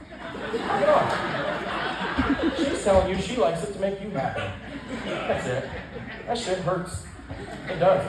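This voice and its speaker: A man's voice: on the high side, noisy background. A young man doing a stand-up set at a live benefit show, telling a crude, profane story. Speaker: stand-up comedian. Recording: echoey room, distant mic, audible ambience.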